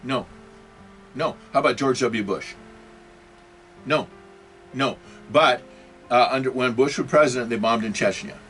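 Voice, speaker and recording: A man's voice: mid-range voice, unhurried, long pauses, fairly bright tone, soft background music. A man hosting his own video, talking off the cuff in a rambling monologue, full of rhetorical questions, fillers and self-corrections. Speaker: video host. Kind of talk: unscripted political and religious monologue.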